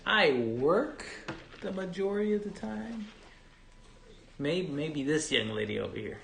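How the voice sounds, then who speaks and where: A man's voice: fairly high pitch, unhurried, gravelly, a little hiss or hum. Joking man, roomy echo. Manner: joking, animated. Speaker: co-host. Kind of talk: casual couple chat.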